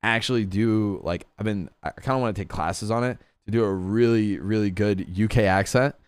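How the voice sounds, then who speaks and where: A young guest streamer chats casually about roleplay gaming, rambling with plenty of fillers and offhand swearing. His voice is lowish and smooth at a normal speed, with no echo.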